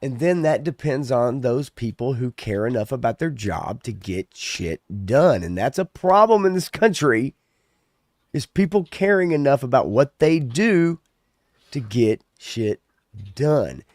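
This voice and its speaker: A man's voice: medium pitch, sing-song, unhurried, a little mellow, no echo. A man co-hosting a casual podcast, talking in a loose, ranting way with plenty of swearing. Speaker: podcast co-host. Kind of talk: casual chat.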